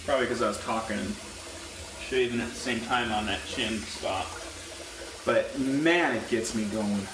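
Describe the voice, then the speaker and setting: A man's voice: lowish voice, normal speed, far from the mic, background noise. A man who works as a football referee, talking casually while shaving and getting worked up as he rants emphatically. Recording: echoey room, mic set back.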